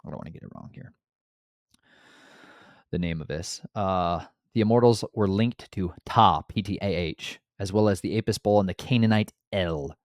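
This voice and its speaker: Male Bible teacher, low voice, animated and slangy, dry recording. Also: normal speed, dry recording. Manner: animated, slangy, exasperated storyteller. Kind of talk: casual Bible teaching podcast.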